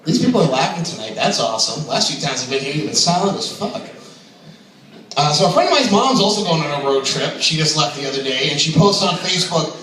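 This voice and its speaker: A man's voice: fairly high pitch, very animated, brisk, fairly bright tone. A man doing open mic stand-up, crude and brash, laughing at his own jokes. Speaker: stand-up comedian. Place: comedy club stage. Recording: echoey room from far off.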